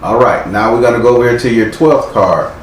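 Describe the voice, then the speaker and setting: A man's voice: mid-range voice, a little fast. A man giving a live tarot reading, speaking bluntly and sternly with frequent profanity. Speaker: tarot reader. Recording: echoey room with faint noise.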